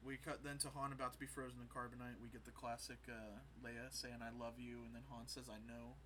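A man casually recapping a show, retelling scenes with quick quoted voices and laughs. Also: mid-range voice, little pitch movement, pushed and bright, a little hiss or hum. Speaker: podcast co-host recapping an episode. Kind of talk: casual chat.

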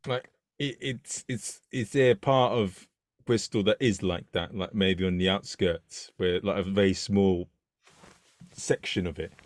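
A man's voice: deep voice, steady tone, a little slow, no room sound, studio quality. A man hosting a casual interview, asking questions with lots of stumbling restarts. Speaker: interview host.

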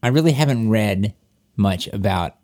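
A man's voice: fairly low pitch, lively intonation, moderate pace, darkish tone. A man talking casually and frankly as a podcast co-host, rambling with many restarts and blunt, profane asides. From Virginia. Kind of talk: casual chat.

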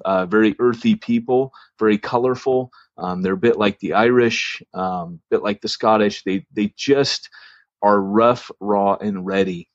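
A man with a fairly low voice tells a story from his church in a relaxed, rambling way, pausing often on ums and uhs. The recording is dry and a little dull, with no room sound. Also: no room sound. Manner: anecdotal, lots of fillers and restarts. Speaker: church planting podcast host. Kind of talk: casual storytelling.

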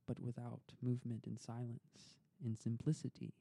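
A young man telling a personal story as a podcast guest, calm and unhurried. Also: medium pitch, vocal fry.

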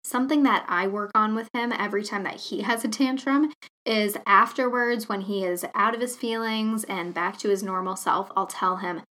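A woman's voice: mid-range voice, moderate pace, pushed and bright. A young woman hosting a solo podcast, talking in an earnest, chatty way with many casual fillers. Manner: earnest, chatty, lots of fillers like "you know". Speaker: podcast host.

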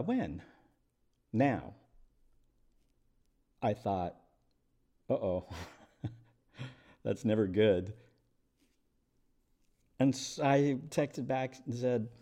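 A man's voice: mid-range voice, slow, long pauses, mellow. A middle-aged man hosting a podcast, speaking candidly and reflectively in one unscripted take, with restarts and wry chuckles. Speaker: podcast host and attorney.

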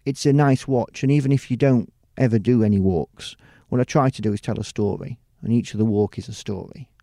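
This brisk, gravelly, warm voice on the lower side belongs to a middle-aged British TV presenter and producer in a casual interview. He rambles, starting over often and peppering in "you know," captured in clean studio sound with no echo.

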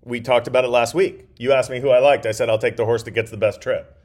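A man's voice: medium pitch, steady tone, fast, darkish tone. A man co-hosting a casual podcast, chatty, with a slight cough and many restarts. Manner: chatty, restarts and trailing phrases. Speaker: podcast co-host. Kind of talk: casual chat.

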